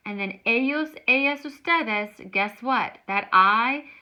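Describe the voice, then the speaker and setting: A woman's voice: a little high, slow, sharp tone, poor audio. A woman teaching a grammar lesson, explaining each step patiently. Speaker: Spanish teacher.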